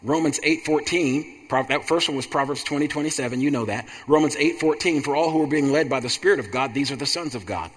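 A man's voice: a little high, fast, few pauses, a bit bright. A man preaching a sermon in a repetitive, rhythmic cadence that builds to emphatic bursts. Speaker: pastor. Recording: long hall reverb.

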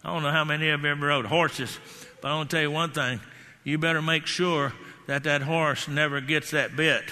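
A man preaching a sermon, telling animated stories and shouting declarations. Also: a little high. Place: church hall. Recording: hall reverb.

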